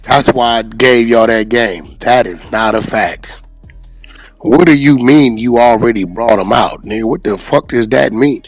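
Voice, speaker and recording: A man's voice: medium pitch, unhurried, slightly rough, faint music behind. A man hosting a show and reacting to a clip, talking bluntly with lots of swearing and cutting in to argue. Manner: blunt, profane, cuts in to argue. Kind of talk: confrontational commentary.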